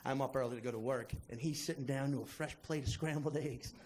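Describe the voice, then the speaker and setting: A man doing stand-up, telling a profane story in a playful, animated way to a live audience. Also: mid-range voice, quick pace. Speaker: stand-up comedian. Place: comedy stage before a live audience. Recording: live crowd laughter.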